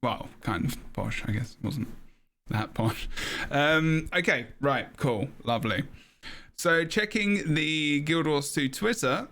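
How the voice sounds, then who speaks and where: A man's voice: a little high, takes it slowly, bright, forceful tone. A man from London with an English accent, hosting a casual gaming podcast and laughing often. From northeast London, England. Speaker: podcast host. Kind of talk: casual chat.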